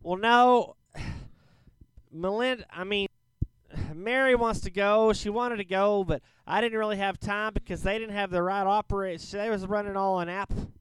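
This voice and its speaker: A man plays a crude, bragging rich caller with a fake Southern drawl. The voice sits high and sounds very clear and smooth, recorded dry and close. He rambles in a folksy, boastful way. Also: fairly even intonation, moderate pace, fairly bright tone, dry recording. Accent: fake Southern American drawl. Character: brash rich man caller, going through divorce. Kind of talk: comedic prank call-in sketch.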